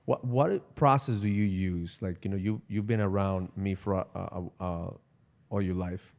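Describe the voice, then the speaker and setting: A man's voice: low voice, moderate pace, creaky, a little mellow. A man hosting a podcast, talking reflectively and asking probing questions, often repeating words as he gathers thoughts. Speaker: podcast host and coach. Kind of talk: casual podcast chat.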